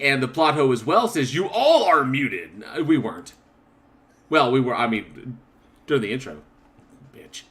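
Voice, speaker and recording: Male podcast host, relaxed chat, reads comments aloud, laughs easily. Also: medium pitch, normal speed. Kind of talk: casual chat.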